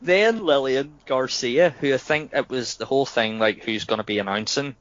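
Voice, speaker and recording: A man's voice: medium pitch, normal speed, no echo, dull audio. A man co-hosting a casual wrestling podcast, telling stories with lots of laughter. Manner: laughing, animated storytelling. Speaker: podcast co-host.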